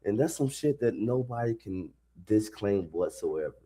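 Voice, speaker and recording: A low, husky male voice in casual live reaction commentary. He rambles loosely and swears freely, with a rough, grainy edge to his tone and a deep register. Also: animated, normal speed, dark tone. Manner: loose, profane, rambling talk. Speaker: streamer reacting to a video.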